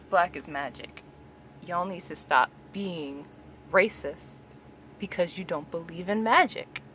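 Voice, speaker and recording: A woman vlogger ranting bluntly to camera, swearing freely, firing off rhetorical questions and rising into loud, emphatic bursts. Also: low voice, a little hiss or hum. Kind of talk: opinion rant to camera.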